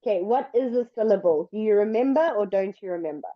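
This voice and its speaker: With medium pitch and lively intonation, a woman patiently gives an online English lesson, slowly and deliberately lengthening words to demonstrate. The recording sounds muffled, without room sound.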